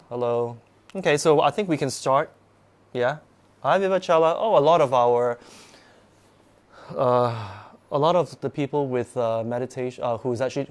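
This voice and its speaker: A man with a medium-pitched voice hosts a live stream, rambling through ghost stories from his own life. He keeps restarting and suddenly breaks into acting scenes out.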